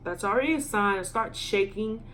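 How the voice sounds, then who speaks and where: A young woman with a drawl tells a personal story straight to her viewers. Her speech is casual and halting, full of ums, and her voice sits in an ordinary middle range. A faint hiss sits under her voice. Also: mid-range voice, fairly bright tone. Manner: halting and filler-heavy, emotional. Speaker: vlogger. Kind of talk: storytime vlog.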